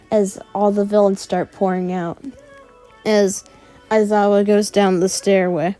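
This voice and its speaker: A woman's voice: mid-range voice, little pitch movement, unhurried, mellow, faint music behind. A woman casually retelling a fan story, rambling with lots of "uh" and "like". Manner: rambling, full of "uh" and "like".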